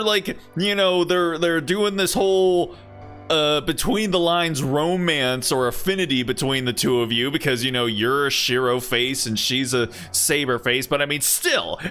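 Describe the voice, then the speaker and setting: A male streamer with a bright, forward voice, pitched a little high for a man. He tosses out joking, self-deprecating asides to his viewers between story lines. Faint music plays behind him. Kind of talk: reading a game aloud on stream.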